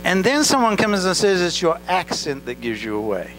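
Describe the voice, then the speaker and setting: A pastor with an accent preaching a sermon in church, talking directly to the congregation and asking them questions. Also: male voice, sits high, big pitch swings, normal speed, a bit bright, low-quality recording. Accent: non-native English accent. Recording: faint mains hum. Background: mains hum.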